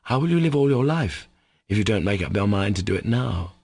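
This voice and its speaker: A man's voice: on the low side, sing-song, fairly quick, gravelly, darkish tone, slightly rough, heavily acted. A man doing an emphatic, pleading young man. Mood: insistent. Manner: emphatic, urgent. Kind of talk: audiobook character voice.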